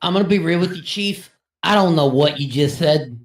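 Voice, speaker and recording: A woman's voice: low-pitched, moderate pace, natural voice. A woman voicing a friendly, blunt middle-aged orc woman who talks in casual slang. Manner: laid-back, blunt, slangy. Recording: echoey, from a distance.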